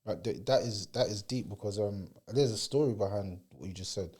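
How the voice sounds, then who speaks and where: A man's voice: lowish voice, fairly quick, slightly rough. A man in a casual podcast conversation, telling a story and acting out the people in it. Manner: animated storytelling, acting out the people in his stories. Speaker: podcast co-speaker.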